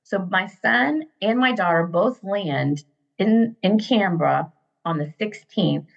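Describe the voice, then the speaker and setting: A woman's voice: mid-range voice, animated, slow, creaky, muffled recording. A middle-aged woman chatting as a podcast guest, telling stories animatedly with many fillers and acting out the people she quotes. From United States. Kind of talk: casual storytelling chat.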